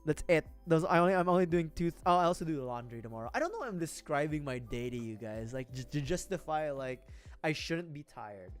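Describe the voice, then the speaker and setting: A man's voice: on the high side, big pitch swings, quick pace, faint music behind. A young man livestreaming as he builds a model kit, chatting loosely with viewers in a rambling, self-deprecating way, cursing casually and laughing often.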